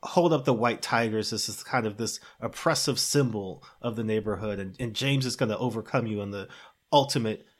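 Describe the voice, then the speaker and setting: A man's voice: on the low side, brisk, close to an everyday voice. A man playing an upbeat, awkward film director running an audition, talking with many hesitations. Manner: chipper, hesitant, filler-heavy. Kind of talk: comedy sketch.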